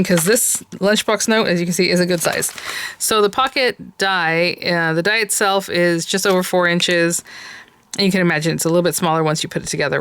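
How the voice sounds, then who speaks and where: A woman's voice: on the low side, vocal fry, a bit bright, slight background noise. A woman hosting a craft channel, chatting through a product unboxing in a gushing way with many fillers.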